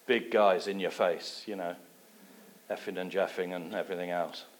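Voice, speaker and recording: A man from England giving a sermon with a personal testimony, telling his story in a lively way and dropping his voice low for asides. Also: moderate pace. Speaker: guest preacher.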